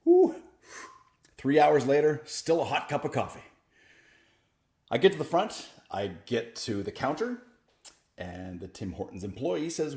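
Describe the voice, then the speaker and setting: A man, a comedian telling stories in a stand-up set, with a dry, deadpan delivery that breaks into lively bursts. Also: medium pitch, unhurried, pauses often. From Canada. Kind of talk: stand-up storytelling. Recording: echoey room.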